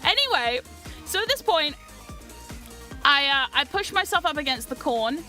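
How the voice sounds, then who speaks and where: High, bright-voiced excitable woman streamer. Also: moderate pace, faint music behind. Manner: excitable, rambling, swears freely, laughs often. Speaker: livestream host. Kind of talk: casual storytelling chat.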